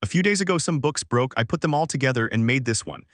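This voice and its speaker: A man's voice: medium pitch, expressive, fast, no room sound, clean studio sound, lightly acted. A man voicing a short, boastful old male gnome who runs a shop, in a proud, teasing manner.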